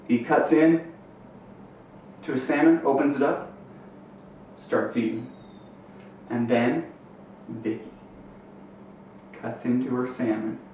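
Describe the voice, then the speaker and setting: A young man tells a meandering joke, filling pauses with ums and building slowly to a punchline. His voice sits at an ordinary pitch and comes from a distance in a very echoey room, with a faint hiss behind him. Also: darkish tone. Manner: rambling, many fillers, builds to a punchline. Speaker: amateur comedian. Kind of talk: storytelling joke. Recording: roomy echo, distant mic, faint noise.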